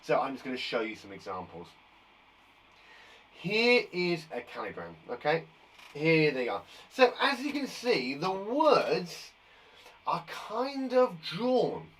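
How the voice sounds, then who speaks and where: A man's voice: a little high, huge pitch swings, slow, fairly bright tone, distant mic. A man teaching a live online lesson to young children, upbeat, chatty and encouraging. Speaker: primary school teacher.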